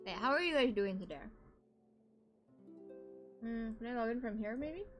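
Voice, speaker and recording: A young adult woman streams a game at a desk microphone, chatting casually and animatedly with her viewers and exclaiming often as she talks to her chat. Her voice is on the high side at a moderate pace, with faint music in the background.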